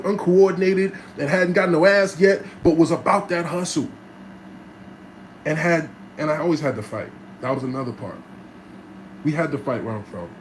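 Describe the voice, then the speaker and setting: Brief: streetwise male storyteller, casual cussing monologue, acts out voices, slightly high voice, faint noise behind. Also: low-quality recording. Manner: streetwise, animated storyteller who acts out voices and cusses freely. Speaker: host telling his life story.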